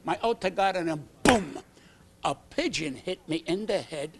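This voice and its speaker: A man, a comedian telling rambling, animated stories as a talk show guest. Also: on the high side, moderate pace. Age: 80s. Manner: rambling, animated, acts out voices in his anecdotes. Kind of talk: comic storytelling. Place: TV studio.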